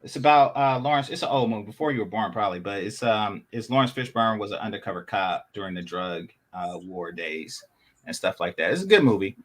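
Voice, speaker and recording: A man hosting a casual livestream panel, talking in a relaxed way with lots of "um"s and restarts. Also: fairly low pitch, a little fast. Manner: relaxed, hesitant with many fillers. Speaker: host.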